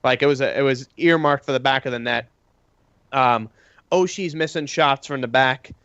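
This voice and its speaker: A man's voice: medium pitch, normal speed, a bit bright, clean tone, dry recording, lo-fi sound. A man co-hosting a casual sports podcast, rambling through his analysis with many fillers. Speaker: podcast co-host.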